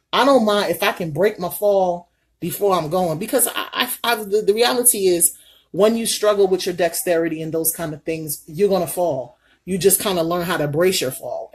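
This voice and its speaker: A middle-aged woman vlogging her makeup routine while telling a story in an animated, folksy way. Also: fairly low pitch, breathy edge. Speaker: beauty vlogger. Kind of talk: casual makeup vlog storytelling.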